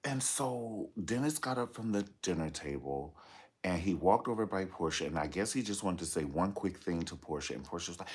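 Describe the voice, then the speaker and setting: A man's voice: fairly low pitch, very animated, moderate pace, breathy edge. A man giving sassy, dramatic commentary on reality TV gossip, telling the story with playful asides.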